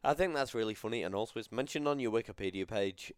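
A man's voice: on the low side, quick pace, clean tone, no room sound, clean studio sound. A man co-hosting a podcast, chatting casually with laid-back short replies. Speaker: podcast co-host. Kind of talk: casual chat.

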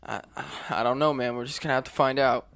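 A man's voice: mid-range voice, fairly even intonation, quick pace, background noise. A man hosting a casual podcast with a friend, joking and swearing, laughing often, on a close mic. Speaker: podcast host.

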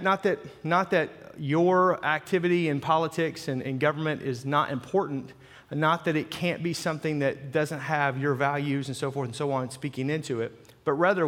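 A man, the senior pastor, preaches with a folksy, chatty delivery, often circling back and restarting his sentences. His voice sits a little higher than most men's. The sanctuary adds a long, lingering reverb. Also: fairly bright tone. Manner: folksy and conversational, with restarts and asides. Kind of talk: sermon. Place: church sanctuary with live congregation.

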